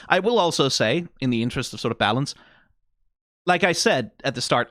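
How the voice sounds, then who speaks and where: A man's voice: mid-range voice, fairly bright tone, no echo, studio quality. A Danish man with a Danish accent giving a casual, rambling reaction commentary in a wry, self-deprecating way. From Denmark. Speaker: video reaction creator.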